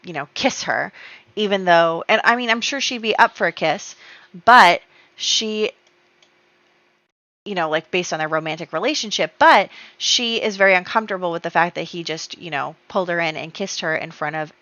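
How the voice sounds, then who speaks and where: A woman's voice: fairly low pitch, normal speed, sharp tone, dry recording. A woman casually commenting on her life-sim game, chatty and storytelling, with many fillers. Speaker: gameplay YouTuber. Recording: dull lo-fi dry sound.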